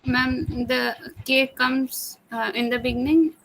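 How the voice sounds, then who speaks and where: Soft high-voiced woman student. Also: flat delivery, slow, low-quality recording. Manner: soft, hesitant, polite. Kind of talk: answering in class.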